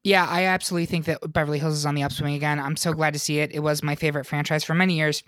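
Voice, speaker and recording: A man hosting a podcast in casual chat, opinionated and quick, often restarting his sentences. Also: on the high side, little pitch movement, fairly bright tone, no echo, clean studio sound. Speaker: podcast host.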